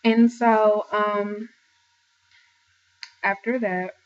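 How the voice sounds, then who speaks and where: A woman's voice: medium pitch, fairly even intonation, very slow, lo-fi sound. A young woman earnestly telling a personal story to viewers in a casual way, stopping often to warn them directly. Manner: earnest, advising viewers directly, with many fillers and restarts. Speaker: vlogger sharing a personal testimony.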